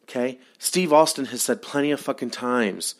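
A man's voice: medium pitch, moderate pace, dry recording, studio quality. A man hosting a solo podcast, ranting with heavy profanity and repeated exasperated pleas. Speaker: podcast host. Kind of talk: solo wrestling podcast rant.

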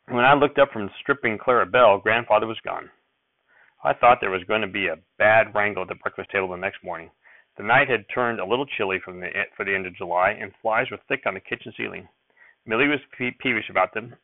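A man narrating a first-person story as an audiobook reader, in a plain, steady storytelling way. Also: lowish voice, brisk, dry recording, narrow, tinny audio.

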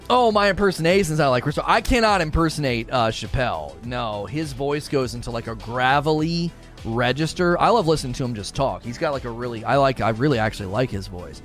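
A man hosting a casual livestream, reading viewer chat aloud and rambling in a relaxed way, often laughing and repeating himself. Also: mid-range voice, normal speed, faint music behind.

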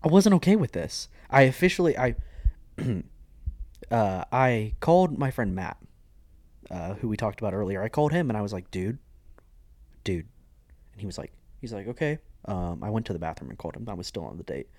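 A man's voice: fairly low pitch, fairly quick, no echo. A young adult man, co-host of a podcast, telling a story in casual chat and acting out the voices of the people in it. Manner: animated storyteller who acts out quoted voices.

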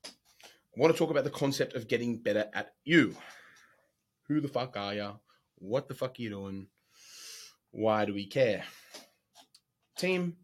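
A man, an online fitness coach, ranting bluntly and profanely about calories and accountability, loud one moment and muttering the next. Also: lowish voice. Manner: profane, brash, animated, rants then drops to whispers. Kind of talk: blunt casual monologue.

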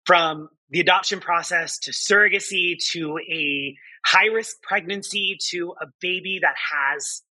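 A man who is a podcast guest, speaking earnestly and excitedly. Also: sits high, a little slow, hardly any pauses, no room sound, rough recording. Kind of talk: podcast interview.

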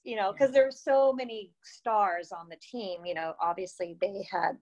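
A woman's voice: medium pitch, steady tone, moderate pace, a little mellow, lo-fi sound. A woman in her fifties, a former distance runner, tells stories in an interview in a casual, chatty way, filling her talk with "you know" and "like" and often laughing. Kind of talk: casual storytelling.

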